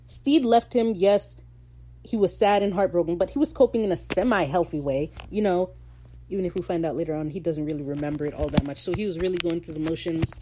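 A woman hosting a podcast, recapping a show in casual, sarcastic, animated rants full of slang. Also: on the low side, a little fast, slight background noise. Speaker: podcast host.

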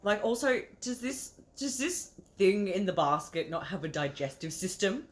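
A woman's voice: medium pitch, big pitch swings, moderate pace. A woman co-hosting a casual film review podcast, giggling as she recaps scenes. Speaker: podcast co-host.

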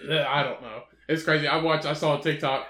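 A man co-hosting a podcast, chatting casually with crude jokes and animated storytelling. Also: fairly high pitch, a little fast, reverberant. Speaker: podcast co-host. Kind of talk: casual chat.

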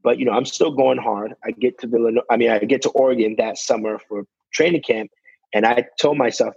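Young male athlete guest, gravelly and husky, dry close sound, chatty storyteller full of fillers. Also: mid-range voice, fairly even intonation, a little fast, a little mellow, no echo, muffled recording. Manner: fills with "you know", acts out quotes. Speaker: guest, basketball player. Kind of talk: casual interview storytelling.

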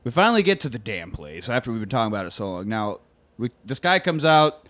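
A man chatting through a movie recap with plenty of swearing and wisecracks, his pitch swinging up and down as he talks. He slips into goofy voices to act out scenes. He sounds like a podcast co-host among friends. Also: very animated, fast, fairly bright tone, dry recording. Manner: profane, jokey, acts out scenes in silly voices. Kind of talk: casual movie recap chat.

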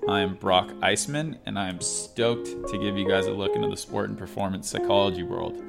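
A man's voice: lowish voice, a little fast, vocal fry, over loud music. A man hosting a sport and performance psychology session, upbeat and repeating his key points. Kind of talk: scripted educational talk.

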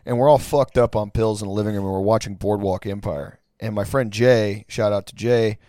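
A man's voice: on the low side, fairly even intonation, fairly quick, warm tone, no room sound, studio quality. A man from Houston, Texas telling a crude story in a casual, rambling way, full of filler words.

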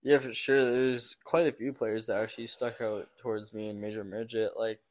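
Guesting on a podcast, a young junior hockey player with a fairly low, flat voice speaks at normal speed. His story wanders casually, peppered with frequent swearing, laughter and plenty of fillers.

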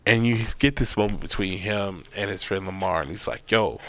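A man giving a casual, profane recap of an episode, animated and acting out the quotes. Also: on the low side, a little fast, slight background noise. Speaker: show recap host.

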